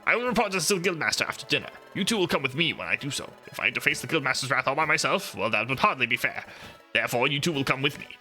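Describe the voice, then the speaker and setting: A bossy little bird officer scolds in a high, sharp voice, as a man reads the game aloud. The delivery is bright and springy, leaping in pitch. Quiet music plays underneath. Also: expressive, racing. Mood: scolding. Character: shrill bossy male bird guild officer. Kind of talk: reading game dialogue aloud.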